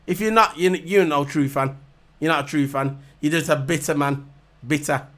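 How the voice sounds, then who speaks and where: A man's voice: a little high, normal speed, fairly bright tone. A man, ranting in a heated, mocking way and repeating his points over and over. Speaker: vlogger reviewing races. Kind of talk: ranting casual monologue to camera.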